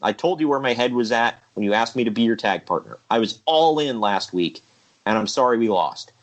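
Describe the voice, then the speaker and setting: A man's voice: mid-range voice, expressive, fairly quick, close to an everyday voice. A man reading the lines of a polite, determined young wrestler in a sincere, friendly way, close to his own voice. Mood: apologetic.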